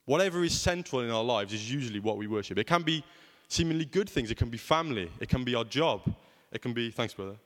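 A man's voice: mid-range voice, lively intonation, fast talker, few pauses, big-room sound. A young man preaching a sermon in a conversational way, often asking rhetorical questions.

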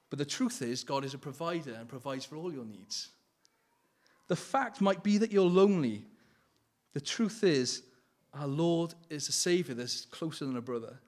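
A man's voice: fairly high pitch, a little mellow. A man giving an informal sermon with personal testimony, earnest and pleading, often laughing and correcting himself mid-sentence. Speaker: lay preacher.

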